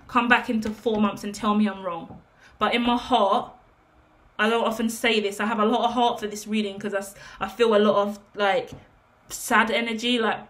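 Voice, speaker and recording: A woman speaking in a casual, rambling way as she gives a spiritual tarot reading. She sounds earnest and emotional, with plenty of fillers and restarts. Her pitch sits in the middle. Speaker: tarot reader.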